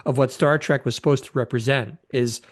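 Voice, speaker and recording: A man's voice: medium pitch, steady tone, brisk. A man in his fifties co-hosting a casual film discussion, retelling scenes with enthusiasm, rambling and restarting his sentences. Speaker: podcast co-host.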